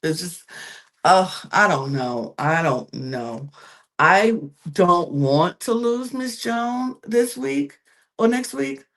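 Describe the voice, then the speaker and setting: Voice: medium pitch, animated, slow pace, a bit bright. A podcast co-host giving a casual, gossipy recap of a reality show, trailing off into fillers and talking straight to viewers. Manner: addresses viewers directly.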